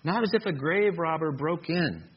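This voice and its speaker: A man's voice: fairly high pitch, expressive, normal speed, slightly rough. A man preaching an expository sermon, stressing key phrases by repeating them. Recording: dull lo-fi recording with faint noise.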